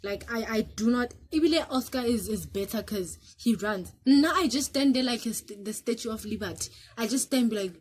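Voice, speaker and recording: A South African woman vlogger casually telling a story to camera, animated and switching between English and local languages. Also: fairly high pitch, moderate pace, few pauses, a little hiss or hum.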